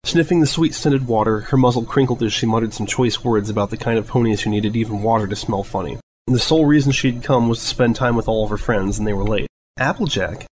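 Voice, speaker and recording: A man narrating a fan story aloud in a steady, even reading voice. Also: lowish voice, fast talker, a little hiss or hum, poor audio. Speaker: fanfiction reader. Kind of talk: audiobook narration.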